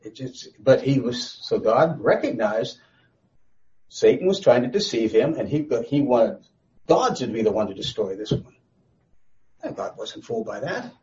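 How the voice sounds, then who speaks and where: A man's voice: medium pitch, very animated, normal speed, a little mellow. A man teaching a Bible study in a conversational, rambling way, often restarting his sentences. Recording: slightly dull lo-fi recording.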